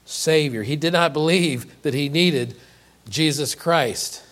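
A man's voice: fairly high pitch, slow, fairly bright tone. A man preaching a sermon, earnest and emphatic, often repeating and restarting words and asking rhetorical questions. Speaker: pastor.

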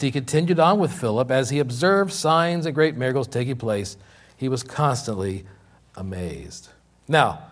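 Preacher man repeating points for emphasis. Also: mid-range voice. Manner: repeats key lines for emphasis, with many slow, drawn-out words. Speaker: pastor. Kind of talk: sermon.

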